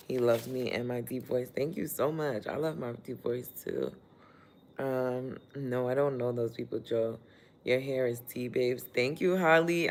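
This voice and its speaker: A man hosts a relaxed livestream, talking in an everyday mid-range voice. He keeps up a chatty, motivational flow, reads out viewer comments and laughs as he goes, working while he talks. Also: medium pitch, vocal fry, slight background noise. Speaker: livestream host. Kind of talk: casual livestream chat.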